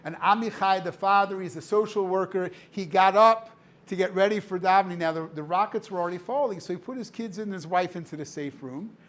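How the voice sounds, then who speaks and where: A man speaks briskly in a high, fairly bright voice, giving a storytelling talk as a charity's director and guest speaker. Indoors before a live audience, he's dramatic and forceful, using repetition for emphasis.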